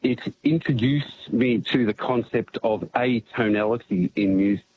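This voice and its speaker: A man calling in to a radio show, speaking hesitantly with many pauses and fillers. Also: medium pitch, a little hiss or hum. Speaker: radio caller. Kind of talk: casual chat on a call-in show. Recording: tinny phone line.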